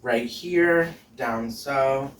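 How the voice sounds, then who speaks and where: A man's voice: medium pitch, drawn-out words, far from the mic, noisy background. A man, a drag queen hosting a home cooking show, chatting casually and sassily with frequent laughs while cooking. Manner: chatty, sassy, laughs often. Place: home kitchen. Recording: echoey room, off-mic.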